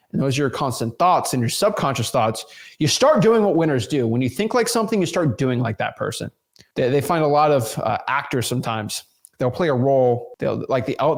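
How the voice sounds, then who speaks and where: A man with a voice of ordinary pitch delivers an emphatic motivational talk straight to his viewers. He often stumbles and repeats words as he pushes his point, and he talks to them casually as y'all. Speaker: real estate investing YouTuber.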